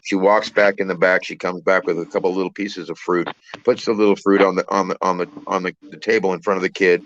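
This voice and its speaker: Guy with a real low voice telling a story, stumbles and repeats himself a lot, kinda dull lo-fi sound. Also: little pitch movement, slight background noise. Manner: halting, repeats words, many fillers. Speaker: trucker channel host. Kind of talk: casual storytelling.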